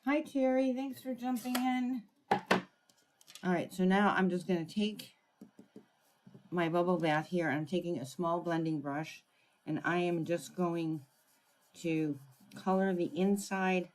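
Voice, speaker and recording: A woman's voice: on the low side, fairly even intonation, a little slow, a little hiss or hum. A woman running a live crafting tutorial, chatting through each step and greeting viewers by name. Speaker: craft demonstrator.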